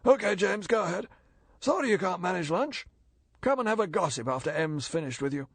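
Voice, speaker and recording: A man voicing a falsely hearty male chief of staff in an audiobook reading, speaking in a raised, bright voice. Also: high-pitched, expressive, a little fast, creaky, breathy edge, no room sound, pitched above the performer's own voice, full character voice.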